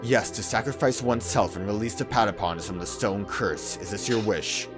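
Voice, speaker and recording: A man voicing a solemn ancient male spirit who grants final wishes, speaking slowly and gravely. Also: fairly low pitch, over music, lightly acted. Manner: slow, grave, pronouncing.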